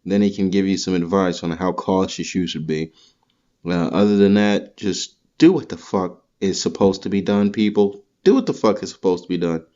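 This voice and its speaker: A man's voice: low voice, moderate pace, warm tone, muffled recording. A man hosting a podcast, delivering a rambling, profane comedic monologue full of crude rants. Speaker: podcast host.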